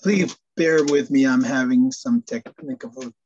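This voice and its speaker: Male minister preaching slowly, tells jokes with lots of restarts, dull lo-fi recording. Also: medium pitch, a little mellow, a little hiss or hum. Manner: storytelling jokes, hesitant with restarts. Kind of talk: sermon. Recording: dull lo-fi sound.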